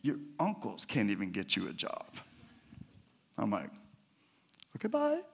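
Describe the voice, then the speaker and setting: A man's voice: mid-range voice, gravelly. A middle-aged man giving a sermon, telling personal stories and acting out the dialogue in them. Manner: animated storyteller acting out dialogue. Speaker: pastor.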